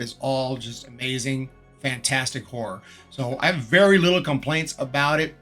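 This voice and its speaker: A man's voice: mid-range voice, sharp tone. A man hosting his own channel, giving a frank, rambling movie review and repeating words as he thinks aloud. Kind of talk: casual spoken movie review.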